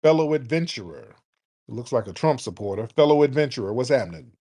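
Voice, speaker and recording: Brash, profane talk show host. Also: male voice, medium pitch, lively intonation, fast talker, mellow. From United States.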